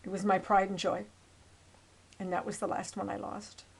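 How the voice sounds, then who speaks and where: An older woman in her seventies narrates her life story in an earnest, rambling way. She wanders into asides and restarts her sentences. Her voice sits at an ordinary pitch for a woman. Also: level tone, moderate pace, vocal fry, slightly rough, low-quality recording. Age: 70s. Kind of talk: personal storytelling over old photos.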